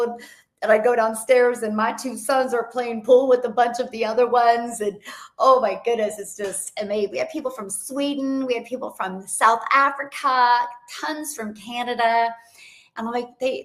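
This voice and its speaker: Lady coach, kinda hoarse, high-ish voice, peppy motivational chatter, echoey room. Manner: energetic, motivational, chatty with frequent laughs. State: hoarse voice from a long event. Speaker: online business coach. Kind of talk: live-stream chat with viewers. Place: home.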